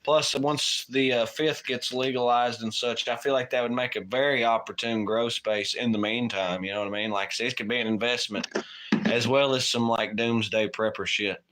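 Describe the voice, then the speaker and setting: Brief: casual late-night streamer guy, swears freely and rambles, with a bright, edgy tone. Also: medium pitch, steady tone, moderate pace. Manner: rambling, profane, laughs often. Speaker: livestream co-host.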